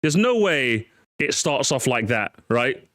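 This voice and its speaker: A man's voice: medium pitch, slow, slight background noise. A man streaming live and reacting to clips, mocking them and laughing a lot. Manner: animated, mocking, laughs often.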